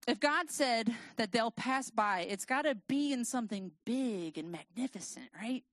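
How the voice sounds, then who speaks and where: A woman preaching in a relaxed, conversational way. She reads scripture aloud and adds wry asides. The sound is dry and close, with no room echo. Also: on the high side, measured pace. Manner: casual, self-deprecating, lively storytelling. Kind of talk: sermon with scripture reading.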